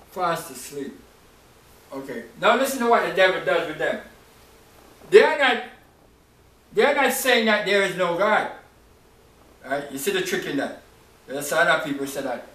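A man preaching in a casual, talkative way with a fairly high voice. He keeps checking in with his listeners as he goes. The sound is roomy and echoey, picked up from some distance off the mic. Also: a bit bright. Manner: conversational, repeats "right?" and "you know". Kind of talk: informal Bible teaching.

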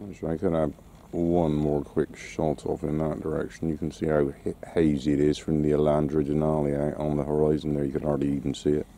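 A man with a very low, deeply mellow voice mutters along as he films outside on the coast. He grumbles in irritated asides, and faint outdoor noise sits behind him on a handheld camera. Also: completely flat delivery, brisk, few pauses. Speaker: vlogger walking his dog. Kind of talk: casual walk-and-talk commentary.

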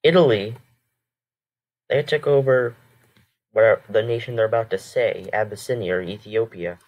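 A man's voice: fairly low pitch, normal speed, a little mellow. A man casually commenting over a history video, hesitant and rambling, correcting himself often. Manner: hesitant, rambling with many fillers and self-corrections. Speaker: reaction video host.

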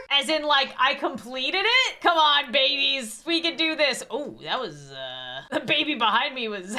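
A woman hosting a gameplay video, giving excitable commentary, laughing often and talking to the game's characters. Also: sits high. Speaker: gaming channel host. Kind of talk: let's-play gameplay commentary.

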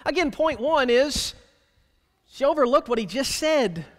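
This pastor's very high voice is animated yet unhurried, echoing with a long reverb tail through the church sanctuary. His sermon is plainspoken and wry, and he speaks to the congregation conversationally, posing rhetorical questions.

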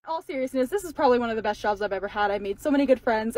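A young woman talks through her lifestyle clips in a bubbly, gushing vlog voice-over. Her voice sits high and leaps around a lot. She talks fast. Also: lively intonation, a little mellow. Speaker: social media creator. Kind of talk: casual vlog narration.

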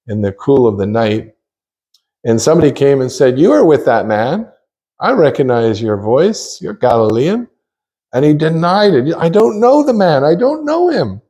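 A man preaching a sermon at a church conference, earnest and emphatic, slowing down to stress key phrases. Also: mid-range voice, dark tone. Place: church chapel.

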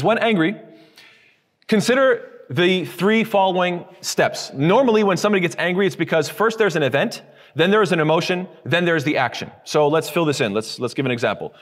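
Fast animated man teaching in a hall. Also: on the high side. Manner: animated, acts out scoffing voices. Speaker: Islamic teacher. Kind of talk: recorded lesson on hadith. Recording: long hall reverb.

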